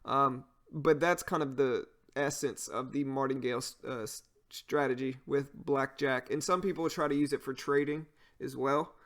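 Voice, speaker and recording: A man's voice: mid-range voice, fairly even intonation, normal speed, fairly bright tone. A man with a Cajun accent, chatting casually on a live stream as he answers viewers and explains trading. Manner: explains while answering chat, loose fillers.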